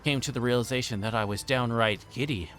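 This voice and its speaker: A man's voice: mid-range voice, a little fast, a bit bright, faint music behind. Man reading a visual novel aloud. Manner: plain narration with occasional stumbles and restarts. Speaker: streamer.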